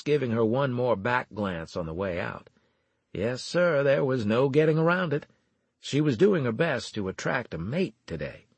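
A man narrating a first-person audiobook in a wry, animated storytelling manner. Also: fairly low pitch, slightly rough, dry recording.

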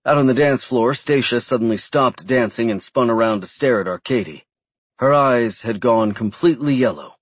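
Steady male audiobook narrator, husky voice, dry booth sound. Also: medium pitch, normal speed, dry recording. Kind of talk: scripted narration.

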